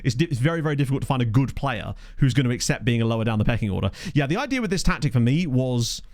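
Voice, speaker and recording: A man talking through his game session in a chatty, think-aloud way, with a lively, bouncing pitch. His voice is dry and close, with no room sound. He throws in jokey asides as he goes. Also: very fast, no room sound. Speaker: gaming YouTuber. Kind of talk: casual let's play commentary. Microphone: desk microphone.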